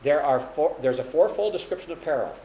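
A man's voice: a little high, expressive, fairly quick, warm tone, roomy sound, a little hiss or hum, low-quality recording. A man preaching an expository Bible lesson to a small group, explaining each point plainly and raising his voice for emphasis when he quotes scripture. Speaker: preacher teaching a Bible study.

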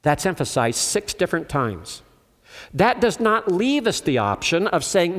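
A man's voice: sits high, sing-song, measured pace, fairly bright tone. An older man preaching a sermon emphatically, asking his listeners questions and calling on them. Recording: long hall reverb.

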